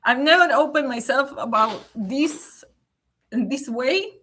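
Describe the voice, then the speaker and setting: A woman on a casual live stream, answering comments, emotional and close to tears, speaking in a measured way and often asking "okay?". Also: high voice, animated, a bit bright, a little hiss or hum. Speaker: livestream host.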